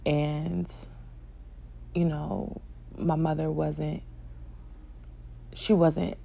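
A young woman recounts a personal story in a soft, hesitant way, pausing often and starting over. Her voice sits a little low and carries a gravelly fry. She takes her time, and her delivery is unhurried. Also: level tone. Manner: soft-spoken, hesitant, with many fillers and restarts. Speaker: vlogger sharing a personal story.

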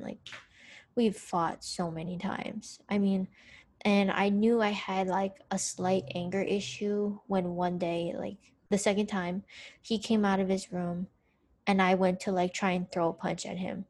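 A young woman on a podcast recounts a personal story in casual chat. Her telling is candid and animated, with plenty of swearing and a mid-range voice. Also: medium pitch, a little slow, slight background noise. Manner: candid, profane, animated retelling. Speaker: podcast co-host.

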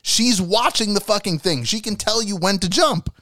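A man chatting casually on a podcast panel, ranting with lots of swearing and acting out lines in a hushed voice. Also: high-pitched, normal speed, no room sound, clean studio sound. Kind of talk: casual chat.

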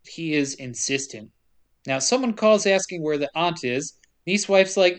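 A man casually recapping a horror movie for laughs, swearing and acting out the characters' lines in quick bits. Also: on the high side, lively intonation, clean tone. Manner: profane, joking, acts out characters' lines. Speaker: podcast co-host.

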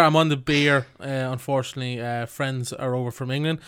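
A man hosting a casual sports podcast, relaxed and jokey as he leads the discussion. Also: mid-range voice, fairly quick, hardly any pauses, clean tone. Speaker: podcast host.

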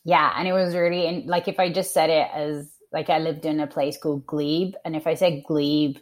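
Low-voiced woman with a mixed British-Australian accent. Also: fairly even intonation, normal speed. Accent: mixed British, Northern English and Australian. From England (London). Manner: chatty, laughs often, acts out quoted voices. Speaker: podcast guest. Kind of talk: casual interview chat.

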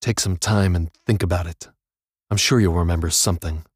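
A man's voice: deep voice, fairly even intonation, a little fast, slightly rough, no room sound, clean studio sound. A man voicing a stern male military interrogator who presses a prisoner for answers. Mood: pressing.

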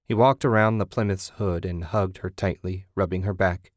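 Here an audiobook narrator, male, works through a novel in scripted narration with a low-leaning, steady and measured voice. The recording is dry and close-miked, with no room sound around him.

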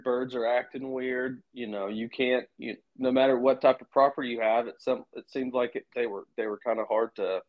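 A young man with a drawl chats casually on a podcast. He talks in halting bursts and keeps restarting his sentences. The recording is a little dull and lo-fi. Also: medium pitch. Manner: halting, many restarts and fillers. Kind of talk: casual chat. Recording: muffled lo-fi recording.

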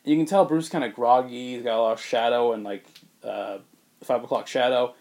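A man on a podcast telling a story in casual chat, rambling with fillers and putting on quick voices for the characters. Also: mid-range voice, darkish tone. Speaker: podcast co-host pitching a movie.

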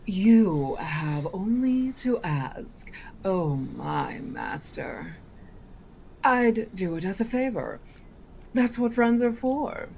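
A woman's voice: fairly high pitch, a little slow, a little hiss or hum, voice pushed up, lightly acted. A woman voicing a sly, mocking male genie disguised as a boy, who talks in a coaxing, wheedling way.

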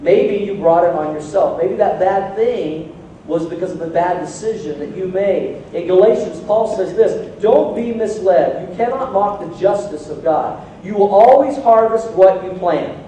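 Animated, high-voiced pastor in an echoey hall. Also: male voice, measured pace, recorded from a distance, a little hiss or hum. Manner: animated storytelling with self-mocking humor. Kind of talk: sermon. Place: church sanctuary.

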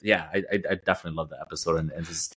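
A man's voice: very deep voice, fairly even intonation, rapid-fire, sharp tone, breathy edge. A man co-hosting an anime review podcast, talking in casual chat with joking, teasing banter. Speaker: podcast co-host.

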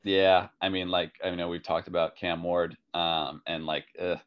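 A man with a very low voice talks in a relaxed, rambling way, full of ums and restarts. The recording is slightly dull and muffled. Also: moderate pace, smooth. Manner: relaxed, rambling with many fillers. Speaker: fantasy football podcast co-host. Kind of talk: casual chat.

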